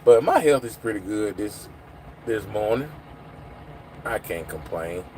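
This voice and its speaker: A man's voice: fairly low pitch, animated, unhurried, a little mellow. Man, phone livestream host, rambling casual chat, faint traffic noise behind. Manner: rambling, chatty, answers chat comments. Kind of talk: casual live chat with viewers.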